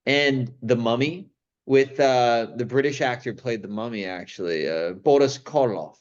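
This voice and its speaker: A man's voice: mid-range voice, unhurried, dull audio. A young man in casual chat, rambling with many restarts and plenty of enthusiasm. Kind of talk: casual chat about old movies.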